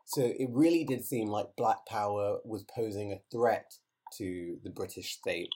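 Low-voiced male interviewer. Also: dark tone. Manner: measured, inquisitive questioning with pauses. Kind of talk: interview questions.

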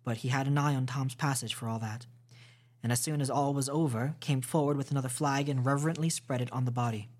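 A man reading a classic novel aloud for a podcast storytime. His narration is steady and measured, with a medium-pitched voice and the odd small slip.

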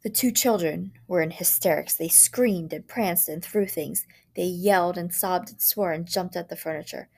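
A woman teacher reading a short story aloud in a measured, dramatic way. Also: lowish voice, vocal fry, a little mellow.

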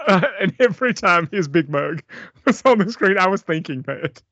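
A man's voice: high voice, animated, normal speed, pushed and bright, no echo. A man co-hosting a casual movie podcast, rambling and laughing often as he talks. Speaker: podcast co-host. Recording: dry, muffled lo-fi sound.

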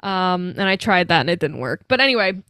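A woman in her twenties co-hosting a podcast, retelling scenes in a chatty, animated way full of "like.". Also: fairly low pitch, brisk, no echo, studio quality. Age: 20s. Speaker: podcast co-host. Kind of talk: casual chat.

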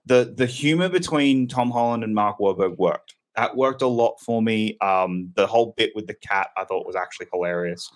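A man's voice: lowish voice, normal speed, few pauses. A man giving a casual, rambling and candid spoken film review. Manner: rambling, candid, self-correcting.

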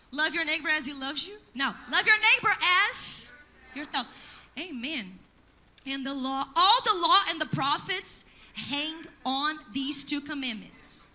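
Woman pastor, very high and piercing voice, emphatic sermon with call-and-response. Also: sharp tone. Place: church.

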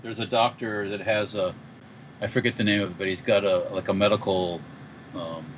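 A man's voice: on the low side, steady tone, moderate pace, slight background noise. Wisecracking male co-host, muffled sound. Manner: rambling, wisecracking. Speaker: podcast co-host. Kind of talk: casual live-stream chat.

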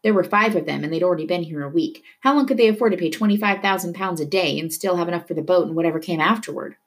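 A woman reading a novel aloud with steady storytelling narration. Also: on the low side, very fast. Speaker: reader.

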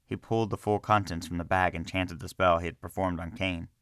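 Deep-voiced man reading slowly. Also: steady tone, fairly bright tone, smooth, no room sound, clean studio sound. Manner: slow, measured reading. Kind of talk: scripted narration of a fantasy story.

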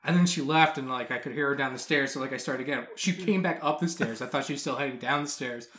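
A man's voice: medium pitch, fast talker, fairly bright tone. A man co-hosting a podcast, telling stories in casual chat, swearing freely and laughing at his own jokes. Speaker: podcast co-host.

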